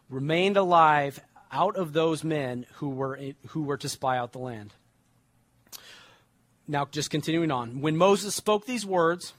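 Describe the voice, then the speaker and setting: A young adult man preaching, reading scripture slowly and then explaining it in casual everyday words. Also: a little high, dry recording.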